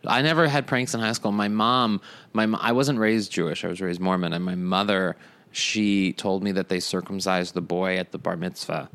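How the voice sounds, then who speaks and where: A man hosting casual chat, playful and quick, telling stories in a quiet deadpan way. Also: sits low, clean tone.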